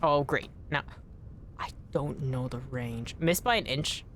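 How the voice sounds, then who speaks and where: A woman's voice: fairly bright tone, slight background noise. A woman streaming a video game, chatting to viewers and swearing when she misses. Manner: swears often, quick to frustration; pitch jumps high when annoyed. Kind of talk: live gameplay commentary.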